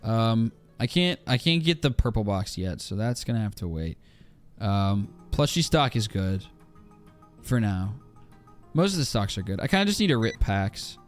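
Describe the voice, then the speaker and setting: A man's voice: lowish voice, sing-song, moderate pace, soft background music. A man with a strained throat, chatting casually and ranting with exasperation to his live-stream audience while he plays, swearing freely.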